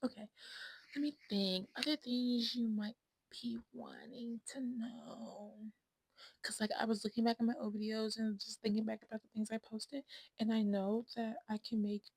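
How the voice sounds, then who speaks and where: Gravelly, breathy woman rambling at home. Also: a little high, fairly even intonation, moderate pace, darkish tone, poor audio. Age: 20s. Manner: rambling, self-absorbed, frank, slips into whispers. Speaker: vlogger. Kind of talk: casual chat to camera. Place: at home indoors. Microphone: phone camera.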